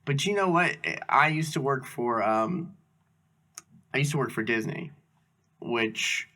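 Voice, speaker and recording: A man's voice: medium pitch, animated, slow, sharp tone. A young man, telling jokey work stories on a comedy podcast and mimicking coworkers. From Augusta, Georgia, US. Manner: laid-back, jokey, swears, mimics coworkers. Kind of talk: casual storytelling chat.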